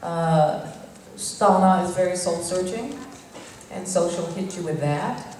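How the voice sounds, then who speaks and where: A playful woman answering fans at a convention, loud and prone to giggling. Her voice booms around a big echoey hall, picked up from a distance. A steady hum runs underneath. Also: slow. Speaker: actress on a fan convention panel. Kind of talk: casual panel Q&A. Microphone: handheld mic recorded by far audience camera. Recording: echoey hall recorded from far off.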